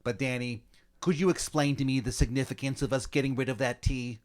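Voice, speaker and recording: A man doing a gang of suspicious colonial men from Boston, each line starting with a hesitant "er, uh". They speak in a terrible fake Boston accent and drag the words out slowly. The bit is an improvised comedy podcast sketch. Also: medium pitch, steady tone, a little mellow, lightly acted. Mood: gruff, suspicious. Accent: bad fake Boston. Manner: hesitant "er, uh" openings, slow drawl.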